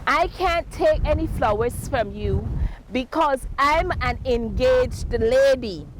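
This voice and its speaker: A woman's voice: sits high, lively intonation, slow, slight background noise, low-quality recording. A woman voicing a proud young engaged lady who speaks primly and with indignation. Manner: prim and indignant.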